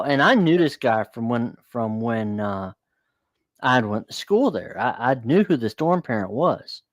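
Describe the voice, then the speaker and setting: A man's voice: mid-range voice, very animated, moderate pace, no echo, studio quality. A man hosting a casual chat, telling a long personal story in a rambling, blunt way with fillers and swearing.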